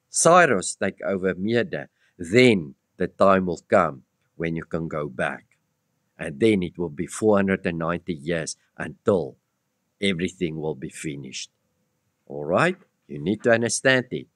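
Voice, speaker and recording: A man's voice: low voice, no echo, studio quality. A man preaching an expository sermon, blunt and emphatic, who addresses his listeners directly and presses them with rhetorical questions. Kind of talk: expository Bible-teaching sermon.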